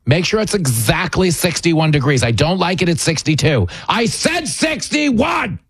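A man's voice: a little high, sing-song, a little slow, fairly bright tone, slightly rough, dry recording, clean studio sound, exaggerated voice. A man putting on the voice of a spoiled, entitled young princess, complaining in an exaggerated, mocking way. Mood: demanding.

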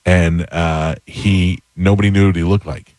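Man in his fifties, radio host, very low voice, dry studio sound, rambling casual storyteller. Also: a little slow, no room sound. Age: 50s. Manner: relaxed storyteller, rambling with restarts. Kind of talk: casual radio talk show banter.

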